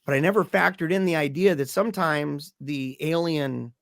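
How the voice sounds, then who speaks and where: A lively man on a podcast tells a long story from his own life in a loose, chatty way, and he plays out what each person said with his voice. He has a slightly high voice for a man. The sound is dry and close, with no room echo. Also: moderate pace, vocal fry. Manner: animated, acts out the voices in his stories. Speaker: podcast guest. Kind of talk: casual storytelling in conversation.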